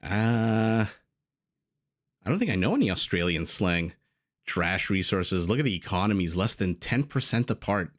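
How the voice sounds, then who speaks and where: A man's voice: deep voice, big pitch swings, moderate pace. A man casting a live strategy game match, chatty and prone to rambling tangents with frequent laughs. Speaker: game caster. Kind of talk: live esports commentary.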